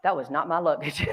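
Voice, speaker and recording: A woman from North Carolina with a Southern accent, giving a keynote talk as a chatty, self-deprecating storyteller in a large conference hall. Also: medium pitch. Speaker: keynote speaker. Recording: long hall reverb.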